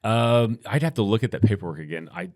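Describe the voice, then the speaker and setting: A man's voice: lowish voice, expressive, fast talker, a little mellow, no room sound, clean studio sound. A middle-aged man telling a long story in a laid-back, rambling way, full of fillers and restarts. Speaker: podcast guest, firearms instructor. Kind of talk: casual storytelling.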